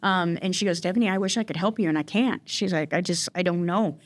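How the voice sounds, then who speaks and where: A woman with a lowish voice speaks briskly as a guest in recovery, telling her personal story in an interview. She rambles, with lots of fillers and restarts.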